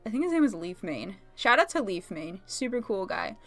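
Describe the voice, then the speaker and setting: A woman telling a convention story while she paints at home, chatty and giggly with quick asides. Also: mid-range voice, big pitch swings, a bit bright, dry recording, soft background music. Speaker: video creator. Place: home, talking to her pet bird.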